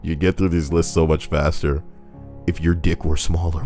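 A man's voice: extremely low pitch, little pitch movement, moderate pace, a little mellow, faint music behind. A man doing comedic commentary as a streamer reading online posts, crude and jokey, slipping into silly voices and singing.

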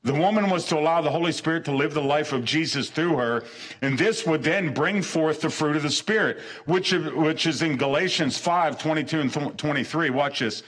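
A man's voice: on the high side, normal speed, a bit bright. Earnest male pastor preaching. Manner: earnest preaching, repeats short phrases for emphasis; stumbles and restarts mid-sentence. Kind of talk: sermon.

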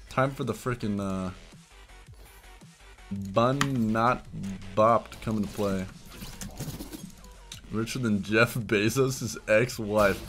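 A young man giving excited, laughing commentary while playing a video game, with loud yelps between mumbled asides. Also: medium pitch. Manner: hyped, yelling bursts and mumbled asides; laughs often. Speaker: streamer. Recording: game music behind voice. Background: game music.

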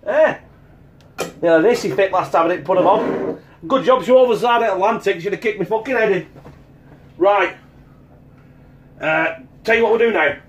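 A man's voice: sits high, moderate pace, pauses often. A man hosting a casual cooking vlog, chatting bluntly with plenty of swearing and jokes, sometimes with his mouth full. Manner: blunt, sweary, jokey banter; talks with his mouth full while tasting. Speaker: cooking channel host. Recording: echoey room.

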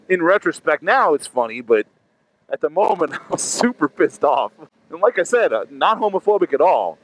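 A man vlogging a profane, animated story, acting out his own reactions. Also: on the high side, low-quality recording. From Miami. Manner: animated, profane, acts out quotes. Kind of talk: casual storytelling.

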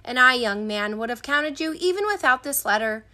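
A woman's voice: high voice, expressive, moderate pace, sharp tone. A woman voicing a weary, self-important male tallyman who speaks in formal, proclaiming tones. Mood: solemn. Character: pompous weary man, a traveling census tallyman.

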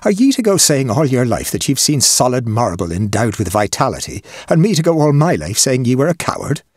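A man putting on a raw-boned Irish country doctor, Irish accent, husky and dry, brusque and mocking, pitched up and loud, storybook ghost tale. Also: very animated, brisk, no room sound. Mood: scolding.

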